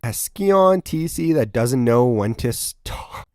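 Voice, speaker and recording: A man's voice: mid-range voice, animated, slow, mellow, dry recording, clean studio sound. A young man hosting a casual reaction video, blunt and profane, mocking what he sees with sudden outbursts.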